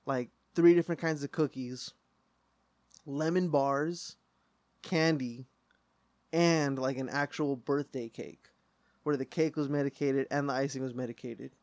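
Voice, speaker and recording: A man hosting a podcast, telling stories in a loose, profane, high-as-hell way. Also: steady tone, unhurried, long pauses, darkish tone, no room sound. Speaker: podcast host. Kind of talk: casual podcast chat.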